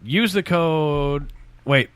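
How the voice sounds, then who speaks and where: A man's voice: on the high side, drawn-out words, a bit bright, clear, resonant tone, no room sound. A man hosting a podcast from his basement studio, chatting casually and telling rambling stories with plenty of swearing. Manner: profane, rambling storyteller. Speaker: podcast host. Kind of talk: casual chat.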